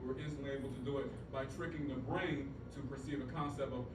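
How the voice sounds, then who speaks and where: A man presenting a choir teaching workshop, energetic and coaxing, leading the group through call-and-response singing. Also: mid-range voice, fast, background noise. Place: large conference room. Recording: echoey room, voice from far off, music behind.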